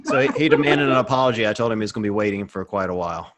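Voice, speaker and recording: A man co-hosting a casual podcast who tells stories in a joking, teasing way. His voice sits a bit low. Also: animated, racing, a bit bright. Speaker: podcast co-host. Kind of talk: casual chat.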